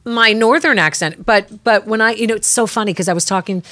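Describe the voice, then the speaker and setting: A woman co-hosting a podcast in casual chat, quick and chatty, acting out what others said. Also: mid-range voice, a bit bright, dry recording. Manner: quick, chatty, acts out quotes. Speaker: podcast co-host.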